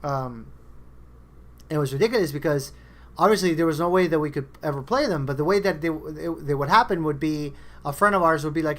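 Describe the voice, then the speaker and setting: A man with a fairly high, somewhat bright voice talks fairly quickly while hosting a podcast. Casual and digressive, he tells stories and acts out what his friends said.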